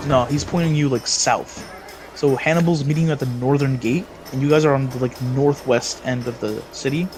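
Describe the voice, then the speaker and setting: A man's voice: medium pitch, fairly even intonation, normal speed, music in the background, low-quality recording. A man narrating a tabletop game as game master, rambling with many fillers and restarts.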